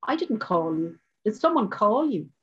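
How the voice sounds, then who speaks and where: A woman's voice: medium pitch, very animated, normal speed, slightly rough, lo-fi sound. A woman doing a hulking, indignant neighbour man. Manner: defensive and indignant, chanting at times. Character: huge, unkempt, erratic middle-aged man neighbour.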